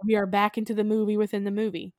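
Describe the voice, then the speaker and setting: A woman's voice: medium pitch, little pitch movement, racing, darkish tone, dry recording, studio quality. A woman co-hosting a casual podcast, retelling a movie's plot with playful acted-out quotes. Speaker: podcast co-host. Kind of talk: casual film recap chat.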